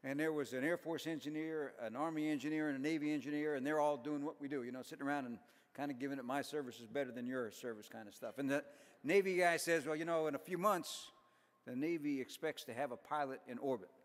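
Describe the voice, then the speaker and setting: In a large banquet hall with long reverb, a middle-aged man gives an after-dinner speech full of folksy, self-deprecating jokes. His voice is a little high and he talks fast.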